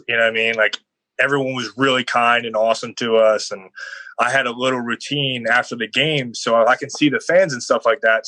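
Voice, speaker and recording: A young man with a bright, forceful voice tells stories in a loose, rambling way, filling his sentences with "like." The sound is dry and close, with no room around it. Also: mid-range voice, dry recording, poor audio. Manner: rambling, heavy on "like" fillers, animated storytelling. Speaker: guest football player. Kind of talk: casual podcast interview.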